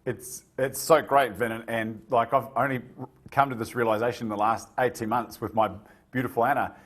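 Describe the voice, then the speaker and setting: A man hosting a podcast, telling stories in a lively, vivid way during a casual conversation. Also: medium pitch, a little fast. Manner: animated, vivid storyteller. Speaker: podcast host.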